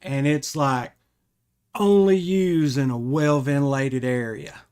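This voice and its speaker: A man hosting a podcast, telling a funny personal story in a rambling, animated way and often correcting himself. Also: mid-range voice, slow pace, smooth. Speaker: podcast host. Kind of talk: casual storytelling.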